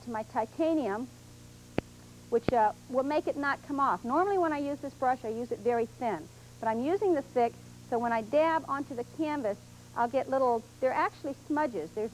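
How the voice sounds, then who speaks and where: A woman's voice: high voice, darkish tone, slight background noise, low-quality recording. A woman hosting a televised painting lesson, patiently explaining each step as she paints in a studio. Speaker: painting instructor.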